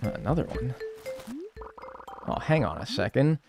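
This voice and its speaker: A man's voice: mid-range voice, animated, normal speed, over music. A man streaming a game live, chatting casually, rambling and joking with viewers.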